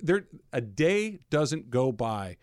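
A man's voice: mid-range voice, very animated, a little mellow, no echo. Male radio host, mid-range voice, chatty and joking, dry booth. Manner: chatty, jokey, quick asides. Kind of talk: casual radio talk. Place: radio studio. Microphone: studio microphone.

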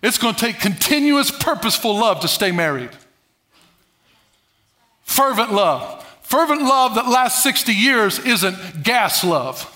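A male pastor preaching a sermon, calling on the congregation to repeat words and swinging between loud bursts and low muttered asides. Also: very animated, a little slow. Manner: preaches with call-and-response to the congregation.

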